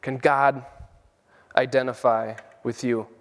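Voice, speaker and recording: A man's voice: mid-range voice, little pitch movement, slow. A middle-aged man preaching a sermon with fervent, emphatic peaks. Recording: long hall reverb.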